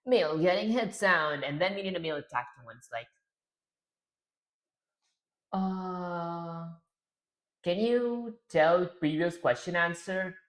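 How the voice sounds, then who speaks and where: A man's voice: high voice, lively intonation, slow, pauses often, a bit bright. A man hosting a programming livestream, chatting casually, narrating his own steps and answering questions from the chat. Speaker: livestream host.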